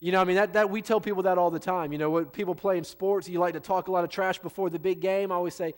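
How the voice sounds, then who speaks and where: A man's voice: sits high, steady tone, fast, few pauses. A male pastor giving a sermon, telling a story in a folksy, conversational way with asides to the congregation.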